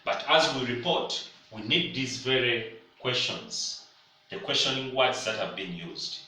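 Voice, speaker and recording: A man's voice: medium pitch, a little slow, pushed and bright. A man teaching a French class, explaining patiently step by step with examples. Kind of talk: classroom lesson. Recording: echoey room, distant mic.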